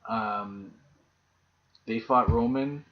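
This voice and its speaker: A man co-hosting a casual podcast, telling stories with lots of swearing and animated retelling. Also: lowish voice, extremely slow. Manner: profane, animated storyteller. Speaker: podcast co-host. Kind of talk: casual chat. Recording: dull lo-fi podcast audio.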